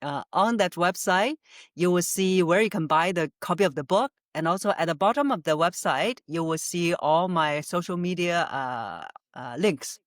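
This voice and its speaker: A woman's voice: on the low side, lively intonation, normal speed, no echo, studio quality. A woman voice coach answering podcast interview questions methodically, laying out her points by number with frequent "uh" fillers and easy laughter. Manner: laughs easily. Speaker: voice coach guest.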